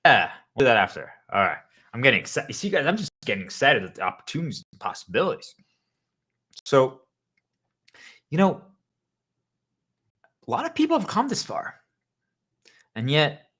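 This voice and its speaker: Lively bright-voiced man rambling playfully. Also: mid-range voice, breathy edge. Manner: rambling, joking, playing tipsy. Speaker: role-play narrator speaking to the listener. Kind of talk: listener role-play monologue.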